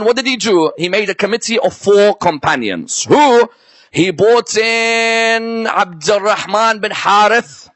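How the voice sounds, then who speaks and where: Guy lecturing a crowd, high voice, dry close sound, always asking "yes?". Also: fairly bright tone, dry recording. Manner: checks in with the audience through rhetorical questions. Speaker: lecturer on Islamic history. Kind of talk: live religious lecture. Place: lecture before a live audience.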